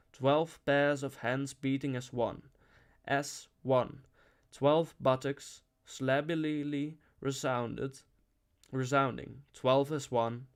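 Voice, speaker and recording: A man reading a novel aloud in an expressive, dramatic style, lingering on phrases. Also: mid-range voice. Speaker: audiobook reader.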